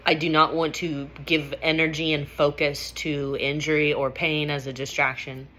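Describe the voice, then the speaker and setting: A woman's voice: sits low, level tone, normal speed, fairly bright tone, slight background noise. Blunt, swearing woman telling a story. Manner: candid, profane, emphatic. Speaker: vlogger. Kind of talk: personal storytelling.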